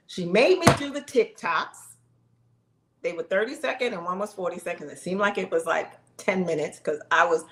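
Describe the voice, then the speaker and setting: A fifty-something woman with a mid-range, somewhat bright voice vlogs directly at the camera. She comes across casual, heartfelt, emphatic and talkative, recorded in an echoing room.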